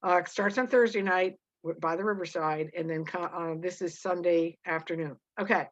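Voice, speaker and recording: A woman teacher explaining a novel chapter and reading passages aloud, halting with many fillers and restarts. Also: on the low side, fairly even intonation, dull audio.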